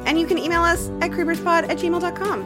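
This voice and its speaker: A woman's voice: very high voice, little pitch movement, fast, music in the background. A woman co-hosting a podcast, chatting casually and teasing with frequent laughter. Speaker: podcast co-host. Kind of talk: casual chat.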